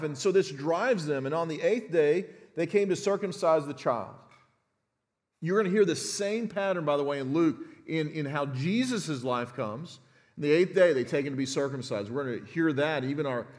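A middle-aged male pastor preaching in a church, his fairly high voice ringing with a long hall reverb. He teaches in a relaxed, conversational way, stumbling over and repeating words and tossing in "right?" to keep the room with him. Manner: conversational, often restarts words and checks in with "right?". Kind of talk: expository sermon.

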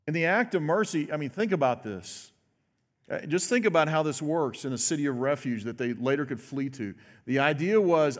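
A pastor giving a sermon in a conversational way, often checking in with "right?". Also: male voice, a little high, lively intonation, a little fast. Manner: conversational preaching with frequent tag questions. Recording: long hall reverb.

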